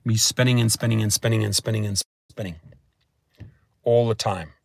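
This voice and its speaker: A man with a gravelly, fry-edged voice talks straight to his viewers in a rambling, sing-song way. He chants phrases over and over, dropping to hushed murmurs and then climbing into excited whoops. The sound is dry and close, with no room around it. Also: fairly low pitch, fairly quick, dry recording. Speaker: rideshare driver vlogger.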